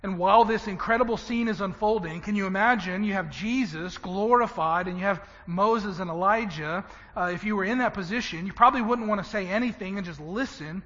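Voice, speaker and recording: Man preaching, high bright voice, animated swings between loud and quiet, muffled hall reverb. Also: a little fast, few pauses. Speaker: pastor. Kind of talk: sermon.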